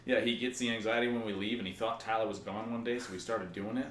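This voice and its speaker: A man's voice: lowish voice, fairly even intonation, a bit bright. A man hosting a podcast and coaching fitness clients, speaking in a loose casual chat with frequent swearing. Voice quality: fast-talking, loose and profane. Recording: echoey room, faint noise.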